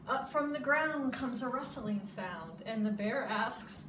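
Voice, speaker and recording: A woman preschool teacher reading a children's story aloud in an animated, sing-song way. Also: on the high side, a little slow, few pauses. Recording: echoey room, distant mic, noisy.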